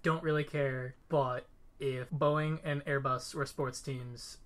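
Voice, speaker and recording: A man's voice: medium pitch, fairly even intonation, slow pace, fairly bright tone. A man in his twenties co-hosting a casual podcast chat, joking and playful as he asks questions. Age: 20s. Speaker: podcast co-host.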